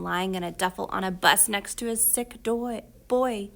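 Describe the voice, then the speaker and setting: A woman narrating an audiobook in a quiet, reflective way, sometimes dropping to a whisper. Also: medium pitch, normal speed, gravelly, few pauses.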